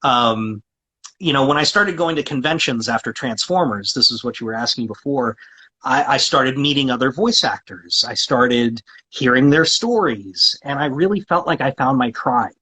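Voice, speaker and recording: Husky, talkative man voice actor. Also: medium pitch, moderate pace, bright, forceful tone, rough recording. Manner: talkative, with frequent restarts and fillers. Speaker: guest voice actor. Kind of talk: casual interview chat.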